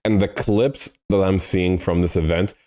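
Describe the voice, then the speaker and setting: A young man co-hosting a podcast in casual chat, joking with quick comic asides. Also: low voice, steady tone, darkish tone. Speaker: podcast co-host.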